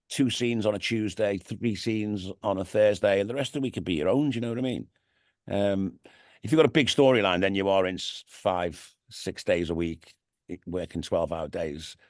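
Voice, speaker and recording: A man's voice: lowish voice, a little mellow, dry recording, studio quality. A middle-aged man with a Liverpool accent, talking in a casual, rambling way in an interview, with lots of "you know what I mean". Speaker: radio DJ and TV presenter, interview guest. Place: radio studio.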